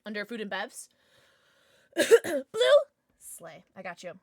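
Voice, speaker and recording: Young woman, gaming streamer, lively up-and-down pitch, excitable, swears when startled. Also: takes it slowly, no echo. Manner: excitable, jumpy, swears and shrieks when scared. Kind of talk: casual gaming livestream chat.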